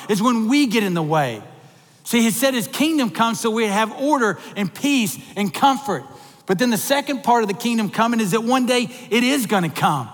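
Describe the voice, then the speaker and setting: A middle-aged man preaches to his congregation in a strikingly high voice, growing animated and excited as he drives his points home. His words ring out into a church sanctuary with a long, lingering reverb. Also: brisk. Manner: animated, rising to excited emphasis. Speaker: minister on staff. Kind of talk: sermon.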